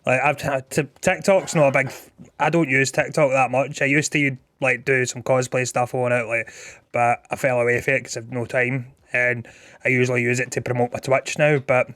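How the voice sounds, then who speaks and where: A man co-hosting a podcast, easygoing and a bit halting as he chats. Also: mid-range voice, little pitch movement, a bit bright, no echo. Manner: easygoing, laughs along, halting phrasing. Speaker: podcast co-host. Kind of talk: casual podcast chat.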